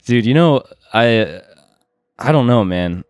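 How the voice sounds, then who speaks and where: A man's voice: mid-range voice, animated, takes it slowly, a little mellow, clean tone, no echo. A male comedian in a casual podcast chat who rambles with lots of fillers and laughs easily.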